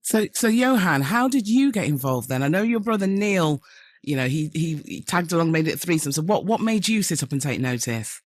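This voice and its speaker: A radio host interviewing guests in a studio with warm, admiring questions. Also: mid-range voice, expressive, a little fast.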